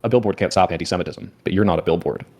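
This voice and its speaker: Male debate guest, indignant, rapid-fire, low-ish voice. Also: darkish tone. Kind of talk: heated online debate.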